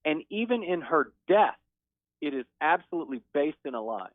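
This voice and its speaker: A man on a call-in show who talks with excitement and emphasis. He sounds slightly high-pitched and very lively. The phone line is thin and dry. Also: moderate pace, no echo. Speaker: guest. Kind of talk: call-in interview.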